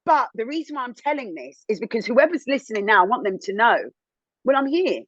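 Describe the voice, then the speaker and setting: A woman in her thirties, a TV presenter, telling her own story as an interview guest in a candid, animated way, rising high when indignant. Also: brisk, no echo, lo-fi sound. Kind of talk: emotional personal testimony.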